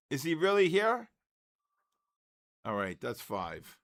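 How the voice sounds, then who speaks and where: A man's voice: fairly high pitch, huge pitch swings, slow, long pauses. A man in his sixties hosting a trading livestream, joking and exasperated as he spells out viewer names letter by letter. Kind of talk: casual livestream chat, calling out viewer names.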